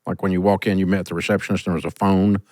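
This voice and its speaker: A man's voice: low-pitched, rapid-fire, dry recording, studio quality. Blunt middle-aged male radio host. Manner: blunt, animated storyteller. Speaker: host giving business advice. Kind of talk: call-in show advice.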